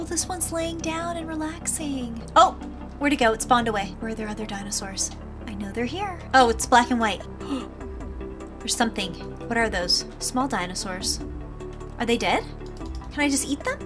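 Bubbly high-pitched woman gamer. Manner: bubbly, excitable running commentary. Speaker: gaming YouTuber. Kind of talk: game commentary.

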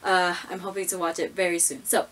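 A young woman from Japan, speaking English, talking casually in a reaction vlog with halting, stammering phrasing. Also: fairly low pitch, level tone, fairly bright tone. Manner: stammering, halting, full of fillers. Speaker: vlogger.

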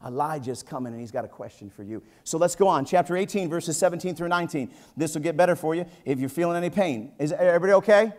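A man in his fifties, a pastor preaching a sermon in a church, telling jokes and stories with lively, animated energy. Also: fairly high pitch, fast, few pauses. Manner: energetic, joking, animated storytelling. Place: church sanctuary.

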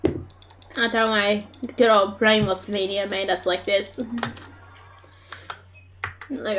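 A woman's voice: medium pitch, level tone, slow pace, long pauses, fairly bright tone, faint music behind. A young Australian woman streaming a game, chatting casually, laughing often and talking to the characters on screen. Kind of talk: casual live-stream gameplay commentary.

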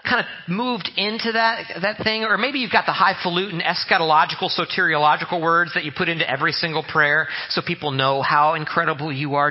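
A man's voice: on the high side, brisk, slightly rough, muffled recording. A man preaching a humorous, conversational sermon as a pastor, often mimicking the way people pray. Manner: joking, conversational, mimics prayer voices. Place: church sanctuary.

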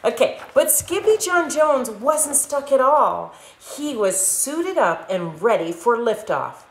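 A woman's voice: a little high, sing-song, slow pace. A woman hosting a live storytime, reading a children's picture book aloud playfully and stopping to explain words for the kids. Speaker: storytime host. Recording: echoey room, faint noise.

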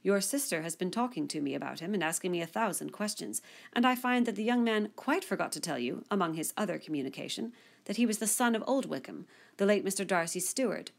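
A woman's voice: on the low side, moderate pace, gravelly, hardly any pauses, darkish tone, husky. A woman reading as a sneering society lady. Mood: disdainful. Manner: civil disdain, condescending. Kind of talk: audiobook character reading.

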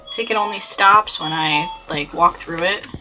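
A young woman chatting playfully through a horror game, with exasperated asides. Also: lowish voice. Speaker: gaming channel host. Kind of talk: let's play commentary. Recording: faint game music behind.

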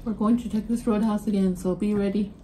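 A woman chats easily on a relaxed home vlog, laughing often as she talks. Her voice sits at a mid pitch, with a faint hum of room noise behind her. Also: a little fast. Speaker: vlog co-host. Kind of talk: casual chat.

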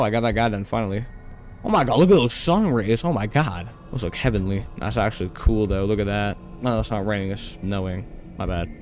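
A young man casually commenting on a horror game he plays, chatty and full of slang, talking to the creatures on screen. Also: on the low side. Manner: yelps and rushes when scared. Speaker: gaming YouTuber. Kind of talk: casual let's-play commentary.

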